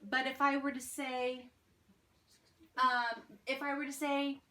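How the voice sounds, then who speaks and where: A woman's voice: sits high, little pitch movement, slow pace, sharp tone. A woman teaching a grammar lesson to her children at home, patiently explaining with examples and checking in with "right?". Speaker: homeschool teacher. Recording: distant mic with faint noise.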